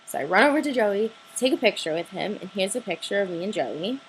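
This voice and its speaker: A teenage girl telling an excited story to her camera, gushing and breathless, full of "like" fillers. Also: medium pitch, fairly quick, slight background noise, poor audio. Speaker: vlogger.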